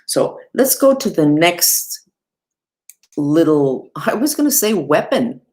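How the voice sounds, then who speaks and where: A woman who is a spiritual teacher, explaining mantras and mudras in a casual, chatty online lesson, with self-deprecating asides and wide swoops in pitch. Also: very animated, slow, a little mellow.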